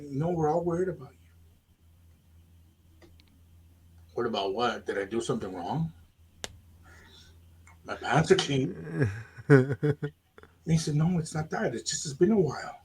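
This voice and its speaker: Animated man telling a story. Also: on the high side, normal speed, long pauses. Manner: animated, acts out quoted dialogue. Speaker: radio show host. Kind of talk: casual storytelling chat.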